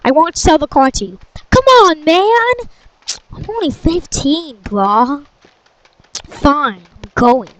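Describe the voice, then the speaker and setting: High-voiced woman acting out a chaotic story. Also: very animated, takes it slowly, poor audio. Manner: dramatic shouting and playful voices. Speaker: storyteller voicing all parts. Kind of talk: improvised game story role-play.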